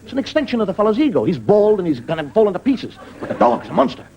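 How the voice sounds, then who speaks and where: A man's voice: sits high, big pitch swings, quick pace, creaky, slight background noise, rough recording. A man doing a stand-up monologue for a live audience, telling stories in a wry, conversational way. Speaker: stand-up comedian. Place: stage before a live audience. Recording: loud live audience laughter.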